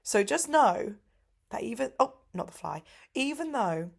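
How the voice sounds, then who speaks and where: A woman's voice: on the high side, big pitch swings, measured pace, vocal fry, slightly rough. A young woman in casual vlog chat, rambling with lots of "like", lying in bed in pain. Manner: rambling, heavy use of "like". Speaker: vlogger.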